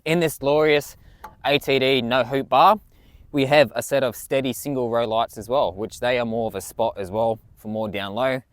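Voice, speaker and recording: A man's voice: mid-range voice, steady tone, normal speed, no echo. A man walking through his vehicle build in a casual, enthusiastic way, swearing freely. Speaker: vlogger.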